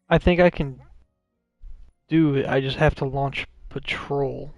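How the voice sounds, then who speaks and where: A man's voice: mid-range voice, steady tone, a little slow, long pauses, dry recording, highs cut off, soft background music. A man commenting on his game live, rambling and swearing in frustration. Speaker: streamer.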